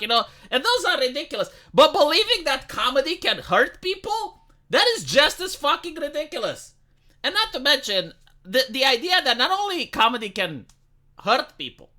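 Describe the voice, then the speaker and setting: Male channel host, bright forceful delivery, combative opinion rant. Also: very high voice. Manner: heated, emphatic, swearing, frequent "right?" and "like".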